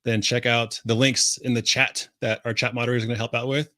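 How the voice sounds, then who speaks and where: A man's voice: mid-range voice, flat delivery, fast talker, sharp tone, no room sound, studio quality. A man co-hosting a casual livestream, upbeat and talking straight to the viewers in chat. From California. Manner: upbeat, talks to the chat audience. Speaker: co-host.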